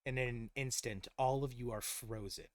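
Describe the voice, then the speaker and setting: A man running a tabletop game as game master, narrating in a quick, animated way with restarts. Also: mid-range voice, dry recording.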